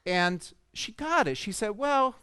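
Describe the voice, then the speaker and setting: A man's voice: on the high side, expressive, moderate pace, fairly bright tone, smooth, dry recording. A man giving a conference talk, telling a personal story with humor and self-deprecating asides to an audience. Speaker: speaker at a coaching conference. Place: conference stage.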